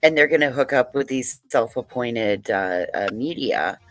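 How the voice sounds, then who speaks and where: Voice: medium pitch, expressive, measured pace, a bit bright, soft background music. A guest on a casual livestream panel, blunt and jokey, swearing freely.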